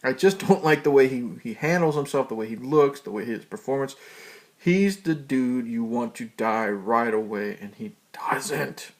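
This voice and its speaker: A man giving a casual, rambling movie review, swearing freely and filling pauses with ums. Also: medium pitch, animated. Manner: loose, profane, rambling with fillers.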